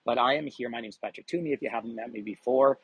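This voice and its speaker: A middle-aged man from Canada talks into his phone on a hill outdoors, hosting a live virtual tour. His voice sits at an ordinary pitch with a slightly husky edge, and he keeps up a friendly, chatty flow as he greets viewers. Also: fast talker, low-quality recording. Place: outdoors on a hill above a harbour city.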